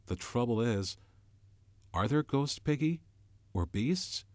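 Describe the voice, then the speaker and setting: A man's voice: medium pitch, expressive, takes it slowly, darkish tone, dry recording, voice pushed up. A man doing a cautious, frightened boy leader. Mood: uneasy. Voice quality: hesitant, careful delivery.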